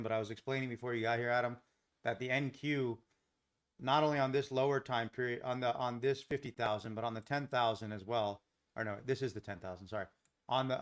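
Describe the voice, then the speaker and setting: A man's voice: mid-range voice, fairly bright tone. An American man hosting a live trading stream, talking casually and rambling with lots of fillers while he chats with viewers. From United States. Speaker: livestream trading host.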